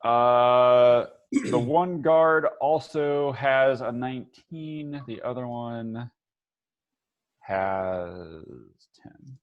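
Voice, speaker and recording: A man's voice: medium pitch, very slow, highs cut off. A man running a tabletop game as dungeon master, laughing often and talking loosely with lots of fillers.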